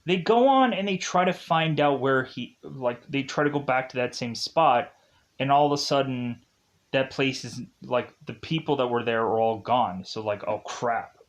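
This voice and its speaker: A man's voice: mid-range voice, muffled recording. A man reviewing a film, retelling the plot in a rambling, casual way with many fillers.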